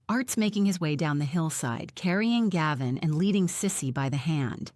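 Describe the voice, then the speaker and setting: A woman narrating an audiobook in the first person, reading in an even, measured way. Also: deep voice, dry recording, clean studio sound.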